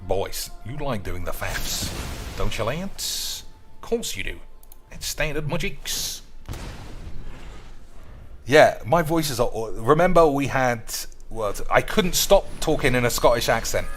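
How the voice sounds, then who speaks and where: A man's voice: medium pitch, lively intonation, takes it slowly, soft background music. A man giving teasing, drawling commentary on his gameplay stream. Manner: drawling, teasing, addresses viewers as boys and lads.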